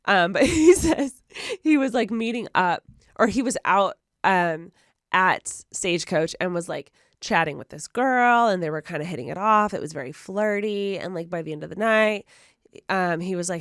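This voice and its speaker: A woman's voice: lowish voice, lively intonation, moderate pace, dry recording, clean studio sound. A young woman co-hosting a podcast, telling a story in casual chat and laughing often as she acts out what people said. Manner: giggly storyteller, acts out quoted lines. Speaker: podcast co-host.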